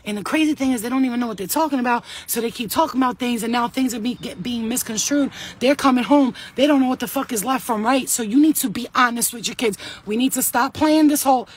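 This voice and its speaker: A woman's voice: a little high, fast talker, hardly any pauses, slightly rough. A woman in her thirties, sweaty and shaken, giving an urgent, blunt and profane talk to camera as a vlogger.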